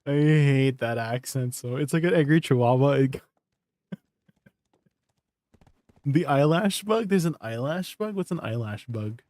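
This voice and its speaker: A man's voice: fairly high pitch, animated, unhurried, pauses often, a little mellow, dry recording, studio quality. A young Canadian man streaming, reacting with laughs and exasperated comments to video clips.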